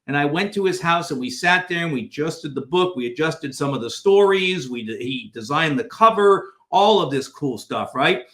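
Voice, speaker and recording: A man with a fairly high voice spins an animated story as a podcast guest and slips into different voices for the people he quotes. The sound rings in a roomy, echoey space. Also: moderate pace, few pauses. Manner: acts out quoted dialogue in changing voices. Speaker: guest author.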